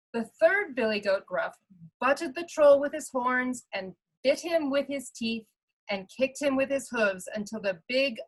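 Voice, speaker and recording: Female storybook reader, slow expressive read-aloud for children. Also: a little high, low-quality recording.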